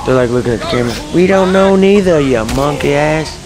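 A man's voice: a little high, animated, fairly quick, music in the background, low-quality recording. A man commenting casually while playing a video game, frustrated and swearing a lot. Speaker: let's-play gamer.

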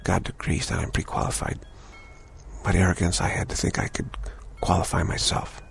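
A man giving a spiritual talk, speaking in an unhurried way and repeating phrases. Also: low-pitched, completely flat delivery, gravelly, slightly rough. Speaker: spiritual teacher.

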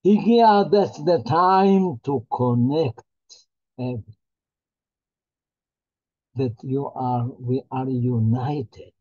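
A man, a rabbi, teaching a holiday Torah class in a halting, earnest way, often repeating his words. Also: medium pitch, dark tone, slightly rough, lo-fi sound.

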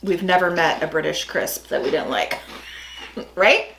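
A woman's voice: lowish voice, expressive, measured pace, a bit bright. Woman vlog co-host, giggly chatter, echoey room with faint background noise. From United States. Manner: chatty, giggly, talks over her partner. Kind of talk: casual snack-tasting chat.

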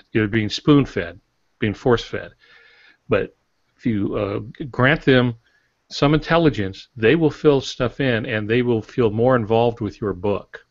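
A man's voice: medium pitch, no echo. A man on a podcast explaining a writing idea at length in casual talk with fillers. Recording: dry, dull lo-fi podcast audio.

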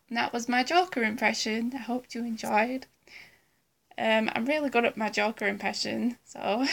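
A woman vlogger chats casually into a close phone or webcam mic. She giggles and rambles. Her voice sits fairly high and bright. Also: fairly even intonation, a little slow, vocal fry. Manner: giggly, rambling, self-deprecating. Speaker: vlogger doing impressions. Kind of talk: casual chat.

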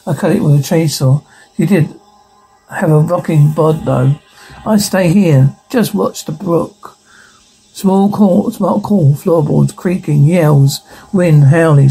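A man reading a horror comedy episode aloud, speaking the dialogue and flatly reading out the sound cues in between. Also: a little high, vocal fry, slightly rough, poor audio.

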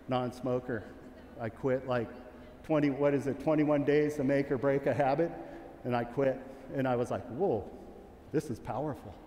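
A man with a medium-pitched, slightly mellow voice runs a sheepdog training clinic for an audience in a large event arena. He talks candidly and ramblingly, restarting often and calling commands to his working dog. The sound is roomy, as in a big hall, with a little hiss or hum.

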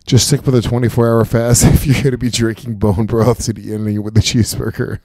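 A man's voice: medium pitch, flat delivery, moderate pace, a little mellow, no room sound. A man in his forties streaming a game, ranting and swearing in casual chat with a close desk mic. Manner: profane, ranting, self-mocking. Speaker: streamer and comedian.

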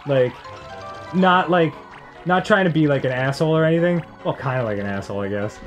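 A man in his thirties rambles through stories while playing a game, often laughing and breaking into loud mimicked voices. His voice sits a little higher than most men's. Faint music plays under the talk. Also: a little fast, muffled recording. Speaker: co-host. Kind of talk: casual storytelling while gaming.

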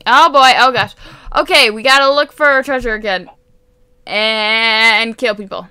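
Woman, game commentary, high voice, bright tone, chatty, excitable. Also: measured pace, smooth, no echo. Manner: chatty and excitable, bursts into squeals and laughter. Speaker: gaming video host. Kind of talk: excited let's-play commentary.

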